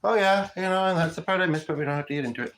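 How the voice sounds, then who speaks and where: A man's voice: sits high, rapid-fire, very noisy. Rambling man chatting on a livestream. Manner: rambling, conversational, frequent fillers. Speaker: livestream host. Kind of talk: casual live chat.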